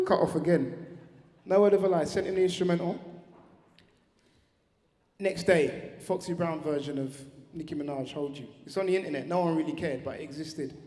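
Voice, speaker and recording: A man's voice: on the high side, normal speed, mellow. A man giving a heartfelt, slangy tribute speech on stage at an awards ceremony. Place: large awards venue hall. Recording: reverberant hall.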